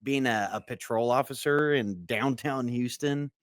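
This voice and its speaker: A man's voice: medium pitch, a little slow, no echo, studio quality. A man co-hosting a casual podcast, teasing his partner and prodding him with questions. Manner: teasing, animated, prods with questions. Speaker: co-host.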